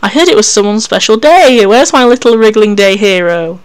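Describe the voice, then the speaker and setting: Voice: medium pitch, normal speed, clean tone, natural voice. A reader voicing Hamifi, a doting female caretaker who talks to children in a gushing, affectionate way.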